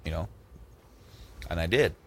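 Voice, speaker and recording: A man in his thirties hosts a casual podcast, telling stories in a low-pitched voice. He gets animated and acts out each person he quotes, his voice jumping up for the punchlines. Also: measured pace. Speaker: podcast host. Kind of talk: casual storytelling chat.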